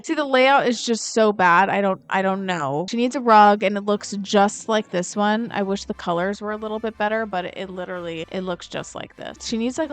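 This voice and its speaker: A woman's voice: mid-range voice, clear, resonant tone. A woman vlogger giving casual gameplay commentary, chatty and thinking aloud with frequent filler words. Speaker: game building vlogger.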